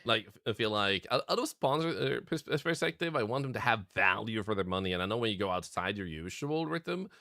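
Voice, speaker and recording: Chatty man with a lively voice. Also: lowish voice, brisk, vocal fry, few pauses, no echo, studio quality. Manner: chatty, rambling, laughs often. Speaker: streamer. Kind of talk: casual chat on a co-stream. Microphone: streaming microphone.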